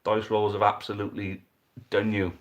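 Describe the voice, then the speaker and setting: A young man hosting and commentating a dice football tournament, chatty and excitable, swearing casually. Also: on the low side, normal speed. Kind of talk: live commentary and casual chat.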